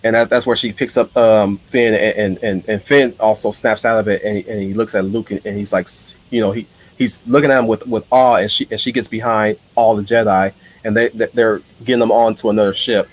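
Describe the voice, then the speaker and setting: A man's voice: fairly low pitch, fairly even intonation, brisk. A man hosting a casual live stream, telling his ideas in an eager, rambling way. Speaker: streamer host.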